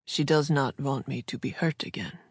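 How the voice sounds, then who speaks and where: A woman voicing a gentle Amish farmer man with a slight German accent, speaking in a firm, measured way. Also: extremely low pitch, animated, breathy edge, dry recording, clean studio sound, full character voice. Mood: steady.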